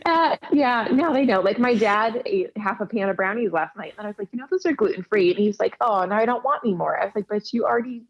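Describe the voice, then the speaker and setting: A woman's voice: medium pitch, animated, fast, hardly any pauses. A woman casually telling stories in an interview, laughing often and acting out quoted dialogue. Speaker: podcast guest, quilter. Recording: dull lo-fi audio.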